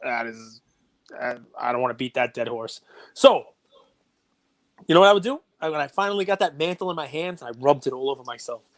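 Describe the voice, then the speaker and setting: A man's voice: mid-range voice, brisk. A middle-aged man co-hosting a podcast, chatting casually and getting worked up as he rants. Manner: animated, gets worked up and ranty. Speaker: podcast co-host. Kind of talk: casual chat.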